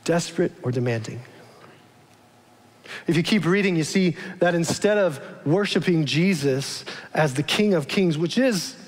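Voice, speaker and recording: A man's voice: on the high side, animated, unhurried. A male pastor giving a casual, conversational sermon, often asking his congregation questions. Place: large church. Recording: long church-hall reverb.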